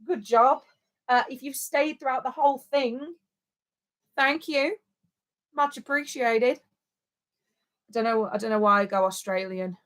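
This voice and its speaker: A woman's voice: sits high, measured pace, a bit bright. A woman co-hosting a livestream in casual, rambling chat. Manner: chatty and rambling. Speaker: livestream co-host.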